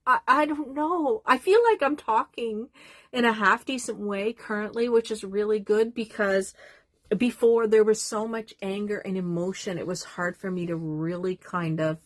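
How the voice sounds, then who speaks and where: A woman's voice: medium pitch, steady tone, normal speed, fairly bright tone, no room sound. Rambling older woman vlogging at home. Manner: rambling, emotional, easily sidetracked. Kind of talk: casual talk to camera. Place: small doll room at home.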